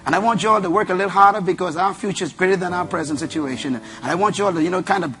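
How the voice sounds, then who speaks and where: A man acting out a male boss who rallies his staff with upbeat reassurance. The voice sits high and bright, and the lines come quickly and warmly coaxing. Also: faint music behind. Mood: reassuring.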